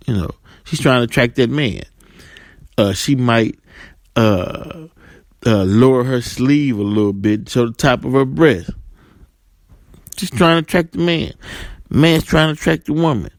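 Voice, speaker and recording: A man's voice: mid-range voice, dry recording. A man hosting a talk radio show, rambling through his points and often tagging them with "right?". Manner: rambling, keeps asking "right?".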